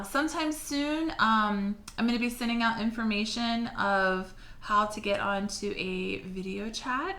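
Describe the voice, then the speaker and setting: A woman teacher reading a storybook aloud to her class and then giving assignments in a clear, encouraging way. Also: mid-range voice, bright, forceful tone. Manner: clear, encouraging, slightly halting when speaking freely. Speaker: elementary school teacher. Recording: roomy echo.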